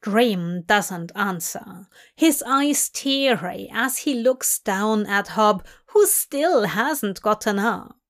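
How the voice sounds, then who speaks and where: A woman reading a fanfiction story aloud in slow, even storybook narration. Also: medium pitch. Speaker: fanfiction reader.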